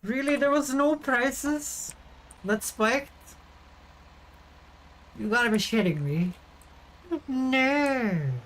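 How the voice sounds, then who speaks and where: A woman's voice: high voice, expressive, extremely slow, pauses often, a little hiss or hum. A woman streaming a video game, chatting casually to her viewers with offhand swearing. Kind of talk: casual gameplay commentary.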